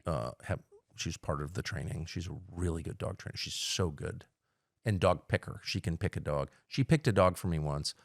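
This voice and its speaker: Middle-aged man, low gravelly voice, blunt and opinionated, casual podcast chat, dry close sound. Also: moderate pace, no echo. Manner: blunt, opinionated, with frequent restarts. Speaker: podcast guest.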